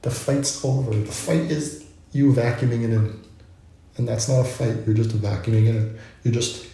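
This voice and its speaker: Man vlogging, rambling spiritual musing, gravelly, mellow, very echoey room. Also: medium pitch, fairly even intonation, normal speed. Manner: loose, rambling, lots of fillers and asides.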